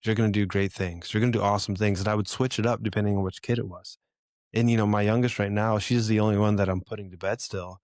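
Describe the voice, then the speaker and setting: A man's voice: on the low side, steady tone, fast, darkish tone, dry recording, studio quality. A middle-aged man hosting a podcast, giving earnest, encouraging advice to fathers in a direct way. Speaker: podcast host. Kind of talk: motivational talk to fathers.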